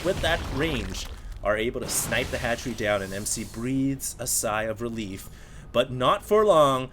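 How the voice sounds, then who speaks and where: A man casting a video game replay on his own, energetic play-by-play with excited bursts at big plays and chatty asides to his viewers. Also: medium pitch, measured pace, background noise. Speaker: esports caster.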